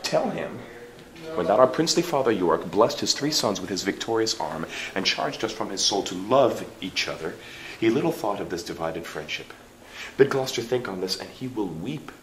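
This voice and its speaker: A man's voice: animated, moderate pace, fairly bright tone. A man voicing a desperate imprisoned royal duke who pleads for his life, reading Shakespeare aloud in a church. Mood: pleading. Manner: impassioned, pleading, rising in pitch. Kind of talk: solo public Shakespeare reading. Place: large echoing stone church. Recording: roomy church echo, faint ambience.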